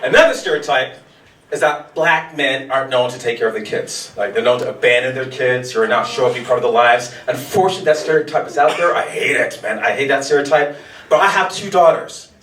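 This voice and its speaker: American comic, lively swinging delivery, recorded far off in an echoey room, punchy, swears. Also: male voice, mid-range voice, fairly quick. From United States. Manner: loose, streetwise, punchy, swears freely. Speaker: stand-up comedian. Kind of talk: stand-up comedy set. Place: restaurant showcase stage.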